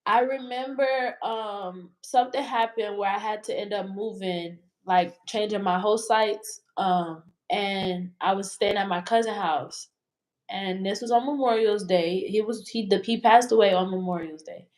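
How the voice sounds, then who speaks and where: A woman's voice: medium pitch, measured pace, a little mellow. A woman telling a personal story as an interview guest, in a candid, rambling way that swears freely.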